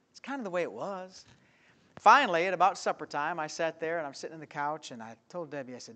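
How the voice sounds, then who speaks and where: A male pastor preaching an evening sermon in a church, full of rhetorical questions and swinging from loud to quiet. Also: on the high side, expressive, quick pace. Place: church sanctuary.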